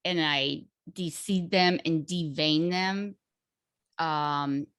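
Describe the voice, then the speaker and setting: A woman in casual chat, explaining a home recipe step by step in an unhurried, hesitant way with many fillers. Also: deep voice, fairly even intonation, fairly bright tone, clear, resonant tone, dry recording, clean studio sound. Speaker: guest cook sharing a recipe.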